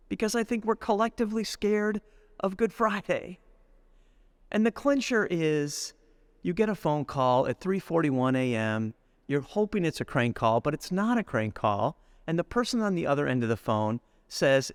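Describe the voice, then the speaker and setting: A middle-aged man giving a spiritual retreat reflection, deliberate and storytelling, slowing down to linger on lists of words. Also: fairly high pitch, expressive, no echo. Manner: storytelling, acts out everyday speech. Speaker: retreat speaker.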